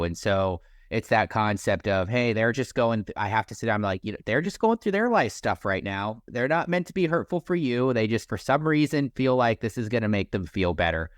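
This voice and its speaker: A man's voice: lowish voice, dry recording, clean studio sound. A man co-hosting a podcast, speaking casually in a rambling, hesitant way with frequent restarts. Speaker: podcast co-host.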